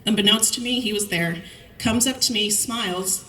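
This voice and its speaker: A middle-aged woman giving a commencement speech, telling lively anecdotes and acting out the lines of people in her stories. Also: medium pitch, normal speed, a little hiss or hum. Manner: storytelling, lively anecdotes with quoted dialogue. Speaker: commencement speaker. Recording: echoey hall, voice from far off.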